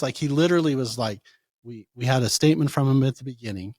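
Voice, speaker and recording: A man, a chiropractor, answering interview questions in a conversational way, telling animated stories and acting out what his patients said. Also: medium pitch, fast, no room sound, clean studio sound. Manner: animated storytelling, acts out quoted patients. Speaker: chiropractor guest.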